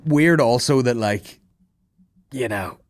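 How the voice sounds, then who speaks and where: Swearing podcast host. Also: male voice, medium pitch, slow pace, dry recording. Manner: swears constantly, mocks people in loud put-on voices. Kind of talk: profane comedic rant.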